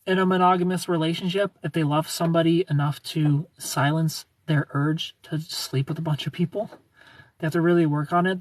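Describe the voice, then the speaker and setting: A man's voice: a little high, dry recording. A man hosting a livestream, chatting casually and playfully, greeting his viewers by name. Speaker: livestream host.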